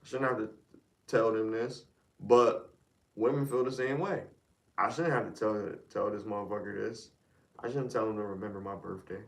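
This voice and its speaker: Gravelly man, emphatic. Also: lowish voice, steady tone, normal speed, distant mic. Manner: emphatic, lecturing about relationships. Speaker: podcast co-host. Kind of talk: casual group chat. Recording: roomy sound from off-mic.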